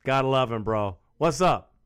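A man's voice: medium pitch, expressive, normal speed, background noise. A man hosting a fan call-in show, talking casually and calling the callers bro. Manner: casual, laid-back, calls callers bro. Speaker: radio show host.

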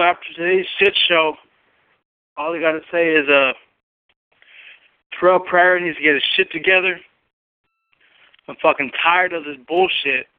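A man's voice: fairly high pitch, clean tone, no echo. Man, caller, furious, profane, repetitive, phone line audio.

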